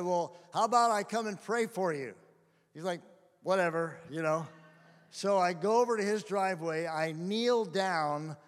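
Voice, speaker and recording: Middle-aged man, pastor, sermon storytelling, animated, laughs often, somewhat high voice, long reverb.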